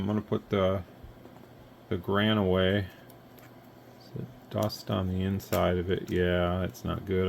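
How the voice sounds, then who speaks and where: Low-voiced man explaining radio gear. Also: vocal fry, a little mellow, slight background noise. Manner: rambling, offhand explaining with fillers. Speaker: radio hobbyist testing equipment. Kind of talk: casual demonstration.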